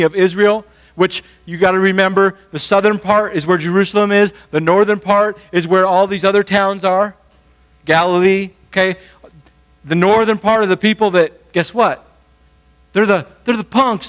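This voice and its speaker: High-voiced, lively male preacher. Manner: conversational, animated, acts out quick voices. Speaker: pastor. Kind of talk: sermon.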